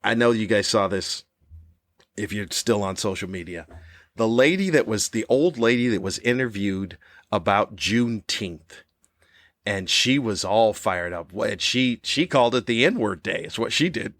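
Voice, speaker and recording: A man in his fifties hosting a podcast, delivering a cranky comedic monologue with animated, ranting jabs. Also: a little slow, no echo, studio quality. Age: 50s. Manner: animated, ranting, with sudden high-pitched jabs. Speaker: podcast host.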